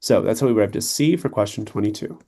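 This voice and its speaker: A man's voice: on the low side, lively intonation, fast, mellow. Casual man walking through test answers. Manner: conversational, checks in with "right?" and "okay". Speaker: test prep tutor. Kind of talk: explaining reading test answers.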